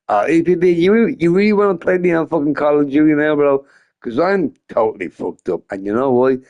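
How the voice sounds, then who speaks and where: A man's voice: fairly high pitch, animated, a little slow, gravelly, darkish tone. Rambling, foul-mouthed young streamer guy. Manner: rambling and profane, often laughing. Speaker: gaming streamer. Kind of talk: casual live-stream chat.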